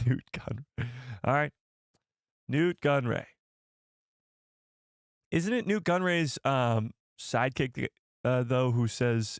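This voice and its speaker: A male host chatting on a live stream, excitable and rambling, who often stops to correct himself. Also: mid-range voice, a little slow, long pauses, no room sound, studio quality.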